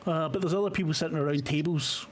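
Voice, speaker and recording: A Scottish game master narrates a scene, pausing often and filling gaps with ums. His voice sits a little high, and a faint background hum is present. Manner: halting, full of fillers, swears.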